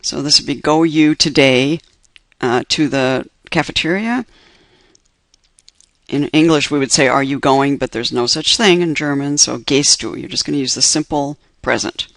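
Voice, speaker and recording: A man's voice: mid-range voice, moderate pace, gravelly, a bit bright, no room sound. A man teaching an introductory German class over slides, patiently explaining each point step by step and repeating the examples.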